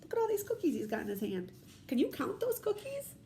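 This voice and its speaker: A woman teacher in her thirties, leading a children's read-aloud lesson in an animated, questioning and encouraging way. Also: very high voice, fairly quick, a little hiss or hum.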